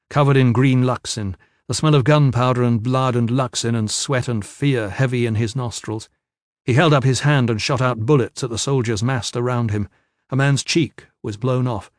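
A man's voice: medium pitch, a little mellow, no echo. Man narrating an audiobook, dry. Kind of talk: scripted narration.

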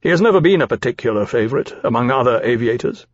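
A man voicing a grave male captain who speaks in a measured, dry, formal manner. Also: medium pitch, expressive, dry recording, lightly acted. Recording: slightly dull, dry recording.

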